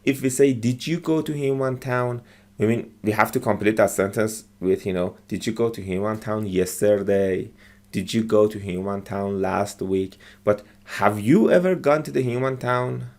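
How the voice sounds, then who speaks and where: A man's voice: on the low side, steady tone, moderate pace, a little mellow. A man teaching English by explaining short movie lines, patiently repeating phrases and checking with "okay?".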